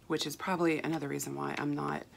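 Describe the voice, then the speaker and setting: A craft haul vlogger chats casually in a soft voice, rambling with fillers and restarts. Her voice is low, with a rough, froggy grain, and a clear hiss plus the crinkle of packaging runs underneath.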